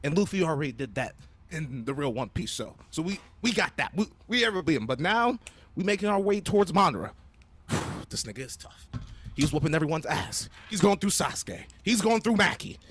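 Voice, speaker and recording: Animated, profane young man telling a story. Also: on the high side, brisk, husky. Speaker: podcast panelist. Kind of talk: casual storytelling chat.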